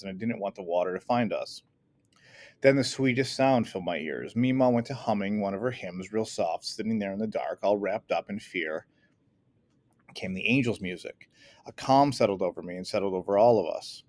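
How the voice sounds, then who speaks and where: Male audiobook narrator, low register, earnest first-person reading. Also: darkish tone.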